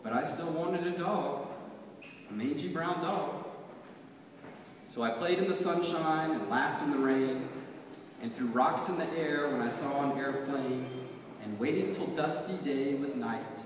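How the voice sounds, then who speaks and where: A man's voice: fairly high pitch, recorded from a distance, background noise. Man reading poems in an echoey hall. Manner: rhythmic, measured recitation. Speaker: poet. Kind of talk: poetry reading.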